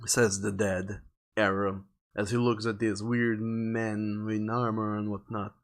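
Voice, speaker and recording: A man's voice: on the low side, flat delivery, measured pace. A man streaming a game, reading its story aloud with wry, drawling asides.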